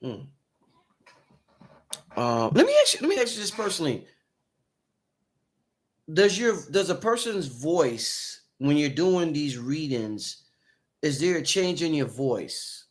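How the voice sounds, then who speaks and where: A man's voice: fairly high pitch, slow, long pauses. Upbeat man hosting a live stream. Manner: energetic, addresses viewers as y'all. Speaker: host.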